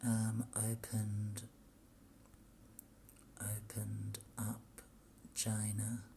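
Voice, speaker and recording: Vlogger, female: very low, slow, gravelly half-whisper; reads aloud, curses nonstop, exasperated. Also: monotone, mellow, a little hiss or hum. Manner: swears constantly, grumbling and exasperated. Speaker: vlogger reading history pages aloud. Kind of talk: muttered reading aloud with running commentary.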